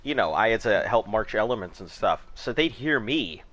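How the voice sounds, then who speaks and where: A man in his thirties with a fairly low voice talks loosely over a game, cursing freely and laughing at his own stories. He keeps it casual and chatty, like hanging out with friends. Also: animated, normal speed, fairly bright tone. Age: 30s. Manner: swearing, laughing storyteller. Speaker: gaming streamer. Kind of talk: casual chat while gaming.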